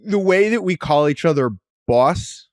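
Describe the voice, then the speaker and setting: Male podcast co-host, a bit high-pitched, loose and jokey; dry close sound. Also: animated, unhurried, darkish tone, dry recording. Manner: joking, laid-back. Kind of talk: casual podcast chat.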